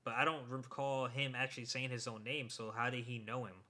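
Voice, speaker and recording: A man's voice: mid-range voice, a little fast. A young man co-hosting a casual podcast, recapping an episode, who swears freely and gets worked up. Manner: excitable, swears, rises sharply when worked up. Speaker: podcast co-host.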